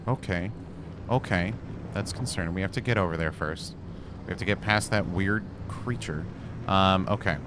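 A man's voice: low-pitched, normal speed, noisy background. A man giving casual gameplay commentary, chatting with the game and yelping when things go wrong. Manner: chatty, talks to the game, flustered yelps. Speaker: gaming YouTuber.

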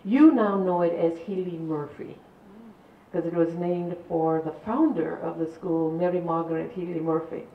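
An older woman from San Antonio, Texas, tells community history to an audience in a fairly low voice at a moderate pace. Her storytelling rambles chattily, full of laughs and restarts. The room recording sounds echoey, distant, and dull, with slight background noise.

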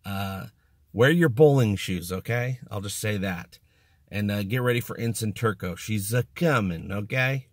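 A man's voice: lowish voice, measured pace, no room sound, studio quality. A man hosting his own channel, talking casually to the camera in a rambling, self-mocking, jokey way. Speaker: YouTube channel host. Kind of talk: casual vlog talk to camera.

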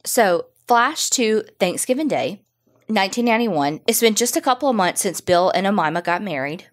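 A woman co-host spins a true-crime tale in a loose, chatty way. She drops swear words and sassy asides as she goes. Her voice rises and falls a lot, sitting at a middle pitch. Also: normal speed. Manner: profane, animated retelling with sassy asides. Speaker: podcast co-host. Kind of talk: casual true-crime storytelling.

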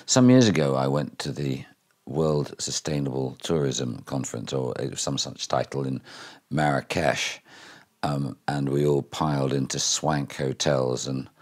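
An older man gives a keynote talk in a very deep voice with a husky edge. He is reflective and wry, and he often pauses on fillers and restarts his sentences. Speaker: keynote speaker. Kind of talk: keynote speech.

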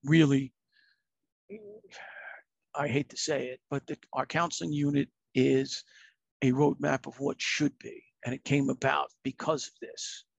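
A man's voice: mid-range voice, flat delivery, measured pace, gravelly, pauses often, no room sound, muffled recording. A middle-aged man, a retired fire captain telling his own story in a candid, earnest, plain-spoken way.

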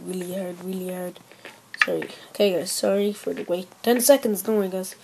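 A young woman giving casual gameplay commentary as host of her gaming channel, rambling and repeating herself, with sudden excited shouts. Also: mid-range voice, brisk, gravelly, noisy background.

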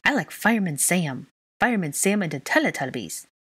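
A woman voicing an excited, pleading little boy in a fan fiction reading. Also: brisk, husky, no echo, heavily acted. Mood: eager. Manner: high, eager and pleading.

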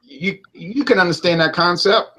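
A man's voice: sits high, moderate pace, bright, forceful tone, rough recording. A man hosting a casual beer talk, rambling through hypotheticals and often restarting his sentences. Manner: rambling, hypothetical, self-interrupting. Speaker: beer reviewer and show host. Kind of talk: casual debate chat.

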